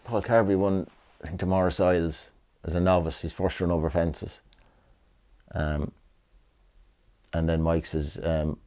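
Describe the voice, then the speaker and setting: A man's voice: low voice, steady tone, unhurried, pauses often, mellow. A middle-aged Irish man, a retired jockey, rambling through memories in a casual interview, repeating himself and swearing freely. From Ireland.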